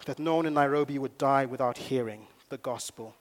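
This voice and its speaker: A man delivering a sermon as a pastor. His voice sits a little high. He mixes hushed storytelling with passages of loud, fervent emphasis. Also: fairly quick, few pauses.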